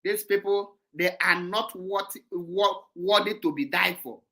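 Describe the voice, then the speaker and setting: An impassioned Nigerian man with an Igbo accent runs a heated call-in show and switches between English and Igbo as he speaks. His voice is bright and forceful. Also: sits high, unhurried.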